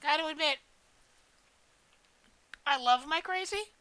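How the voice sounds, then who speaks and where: A woman's voice: high voice, slow, bright, forceful tone, no room sound, low-quality recording. A woman streaming a video game, chatting casually in a rambling, joking way with plenty of swearing. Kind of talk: casual live-stream chat while gaming.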